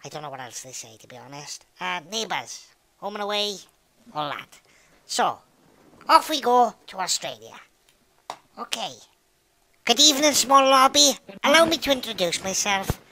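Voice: mid-range voice, very animated, moderate pace, pauses often, sharp tone. A performer voicing a bossy, foul-mouthed Welsh man who barks orders at other players in an online game, speaking into a headset mic. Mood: ranting. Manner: bossy, swearing, barking orders. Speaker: gaming video host. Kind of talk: comedic in-game role-play.

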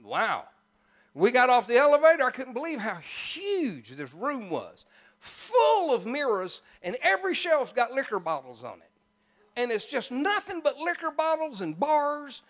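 A male pastor telling a story in a sermon, in a folksy, animated way with joking asides. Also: extremely high pitch.

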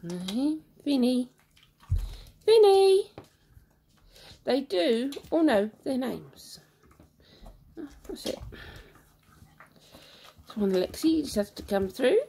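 A woman's voice: a little high, lively intonation, slow, vocal fry, pauses often, dark tone, a little hiss or hum. A woman filming her puppies at home, chatting and cooing to them in a sing-song baby-talk way. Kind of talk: casual chat to dogs while filming. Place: indoor living room at home. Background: puppies playing.

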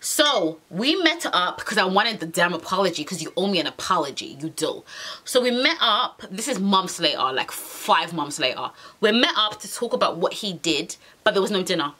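A young woman with a London accent, telling a storytime vlog in an animated, heated way, full of slang. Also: lowish voice, normal speed. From England. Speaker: vlogger.

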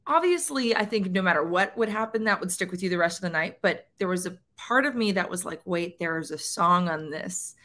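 A woman's voice: medium pitch, lively intonation, fast, hardly any pauses, fairly bright tone. A woman from Canada, a country singer, chatting casually as a guest, with lots of "like" and "um" fillers. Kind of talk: casual interview chat.

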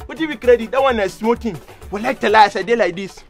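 A man's voice: very high-pitched, fast. A man playing a boastful, newly rich shopkeeper who speaks Nigerian Pidgin and keeps brushing off his friend in a comedy skit. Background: background music.

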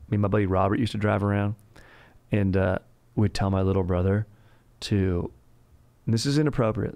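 A man's voice: fairly low pitch, dark tone, no room sound. A man from California, hosting a comedic history podcast in a rambling, slangy, crude way. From Southern California. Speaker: podcast host.

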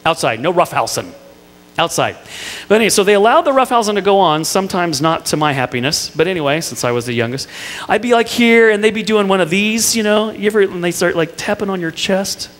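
A man's voice: high voice, animated, fast talker, fairly bright tone, in a large hall. A middle-aged male pastor preaching a sermon, telling family stories with playful asides to the congregation. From Indiana. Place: church sanctuary.

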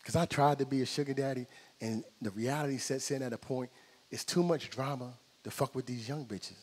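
A middle-aged man doing a stand-up comedy set, telling loud, brash, profane stories on stage. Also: medium pitch, a little fast, husky. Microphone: handheld stage mic.

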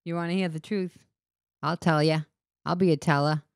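A woman's voice: low voice, steady tone, moderate pace, gravelly, smooth, no room sound, clean studio sound. A woman from the Boston area, co-hosting a podcast in casual banter, teasing and laughing easily. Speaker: podcast co-host.

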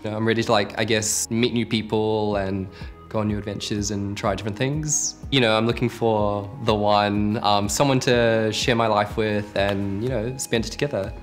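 A man's voice: on the low side, fairly even intonation, normal speed, soft background music. A man in his twenties from New Zealand, a dating show contestant talking in an easygoing, upbeat way. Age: 20s. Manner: easygoing and upbeat, with many fillers. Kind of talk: casual chat. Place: inside a taxi.

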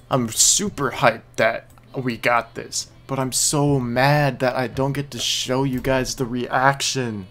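A man's voice: mid-range voice, fairly even intonation, slow pace, few pauses, fairly bright tone, soft background music. A man hosting a gaming video, chatting to himself and his viewers while he plays. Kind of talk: gameplay commentary.

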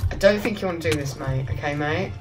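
A woman's voice: low voice, fast, rough recording. A woman giving chatty, rambling, jokey commentary while playing a video game. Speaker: gaming YouTuber. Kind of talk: casual let's-play commentary. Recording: quiet music under the voice.

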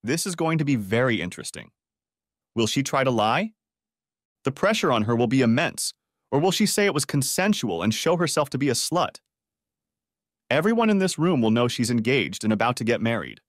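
A man narrating a first-person revenge story audiobook in an expressive, dramatic manner on a close mic. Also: mid-range voice, fairly quick, no room sound.

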